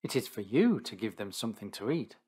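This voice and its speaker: A man reading Jesus, calm and measured. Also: lowish voice, husky. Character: Jesus, calm reassuring male teacher.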